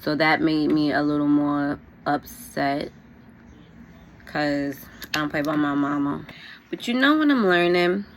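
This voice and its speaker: A woman's voice: deep voice, unhurried, a little hiss or hum. A young woman, telling a storytime vlog while getting ready, casual and frank, full of "like" and "you know". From New York. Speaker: vlogger.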